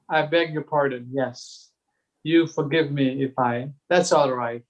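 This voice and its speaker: A man's voice: mid-range voice, unhurried, dull audio. A man leading a group discussion, reading conversation transcripts aloud and chuckling now and then over a video call.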